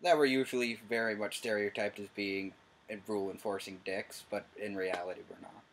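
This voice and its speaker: A man's voice: on the low side, steady tone, brisk, fairly bright tone. A young man chatting casually in a commentary, dry and understated. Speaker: co-host, son.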